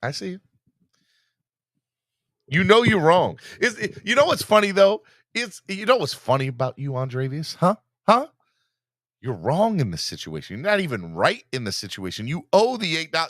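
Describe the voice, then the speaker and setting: A man hosting a live fan podcast in a casual, teasing, animated way, hyping himself up. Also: a little high, moderate pace, no echo, clean studio sound. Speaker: podcast host.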